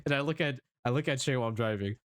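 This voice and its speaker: A young man streamer telling a story in casual chat, animated, swearing often and laughing as he goes. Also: mid-range voice, very fast, no room sound.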